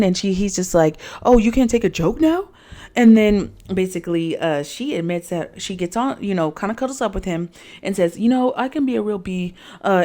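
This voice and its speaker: A woman's voice: medium pitch, dark tone. A woman recapping a reality dating show in a chatty, sassy way, with lots of fillers and asides to viewers.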